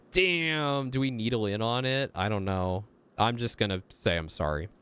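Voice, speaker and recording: A man's voice: on the low side, moderate pace, few pauses, a bit bright, slight background noise. A man streaming a story game, chatting to himself and reading the game's lines aloud. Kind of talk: casual gameplay commentary, reading dialogue aloud.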